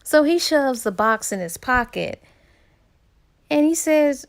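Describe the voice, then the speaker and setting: Brief: female book vlogger, slightly high voice with lots of vocal fry, chatty slangy retelling. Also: lively intonation, takes it slowly, pauses often. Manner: chatty, slangy storytelling with fillers and laughs. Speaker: book reviewer. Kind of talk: casual plot retelling.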